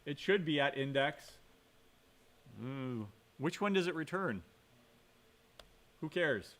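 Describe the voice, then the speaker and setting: A man's voice: on the high side, animated, slow, a bit bright. Man, lecturer, live-coding, thinking aloud, quizzing students. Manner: thinks aloud, asks the class questions, self-corrects. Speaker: computer science lecturer.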